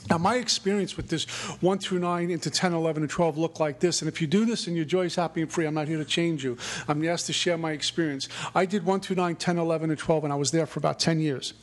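On the high side and fairly even in intonation, this middle-aged man's voice moves fast with few pauses as he shares his recovery story at a meeting. He speaks earnestly, repeating himself in phrases that sound like mantras.

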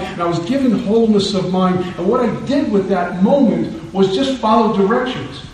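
A man's voice: high voice, moderate pace, darkish tone. A middle-aged man giving an earnest personal testimony at a recovery meeting, telling his story with wry laughs. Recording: very echoey hall, distant mic.

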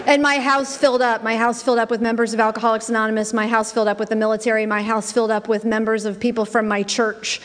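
A woman's voice: on the high side, level tone, quick pace, few pauses. A middle-aged woman giving a spoken personal testimony, telling her story and repeating phrases for emphasis. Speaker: speaker sharing personal testimony. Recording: long hall reverb.

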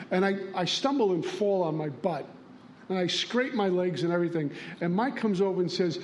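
High-voiced man telling recovery stories. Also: a little fast, slight background noise. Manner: storytelling, plainspoken, acts out dialogue. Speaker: recovery meeting speaker. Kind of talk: recovery share.

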